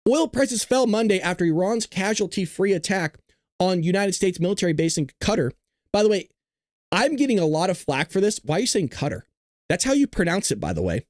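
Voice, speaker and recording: A male host of a live talk show reads headlines and mocks them. His voice sits high for a man, and the sound is dry and close with no room around it. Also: big pitch swings, normal speed, a little mellow, dry recording. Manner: sarcastic, mocking, reads news aloud.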